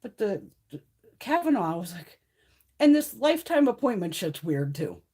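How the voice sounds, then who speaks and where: A woman in her fifties chatting casually on a live stream, blunt, profane and animated. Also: mid-range voice, moderate pace, husky. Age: 50s. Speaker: beauty livestream host.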